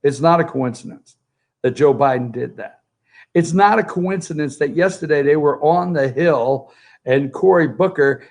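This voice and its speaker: A man hosting a political opinion show from home by a pool, remote from the studio, talking in a sarcastic, jokey and animated way. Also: a little high, moderate pace. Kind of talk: opinionated talk-show commentary.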